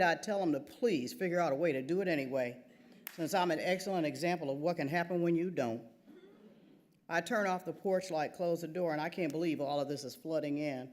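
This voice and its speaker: A woman author reading her own first-person novel aloud at a theater event, wry and conversational. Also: fairly low pitch.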